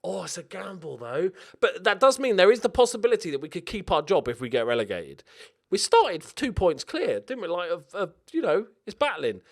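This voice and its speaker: A young man talks himself through a video game in excitable, sweary let's-play commentary. His voice sits slightly high for a man. It leaps around all over the place as he jokes and reacts. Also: fairly quick, creaky. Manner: excitable, sweary, jokey self-talk.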